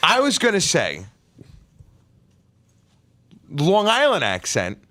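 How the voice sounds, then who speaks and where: A man's voice: high-pitched, slow pace. A man with a New York accent co-hosting a podcast, talking casually and arguing with his co-hosts. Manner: animated, heckling and arguing. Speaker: podcast co-host. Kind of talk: casual chat.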